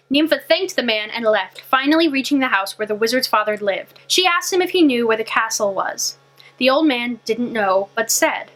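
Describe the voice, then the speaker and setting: A woman library storyteller reading a fairy tale aloud in an animated, expressive way. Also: fairly high pitch, moderate pace.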